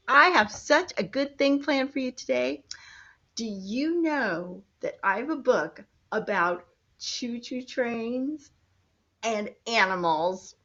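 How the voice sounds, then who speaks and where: A woman's voice: fairly high pitch, lively intonation, slow pace, bright, forceful tone, highs cut off. An older woman, a grandmother, reading a picture book to small grandchildren in a coaxing, sing-song way. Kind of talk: children's storybook reading.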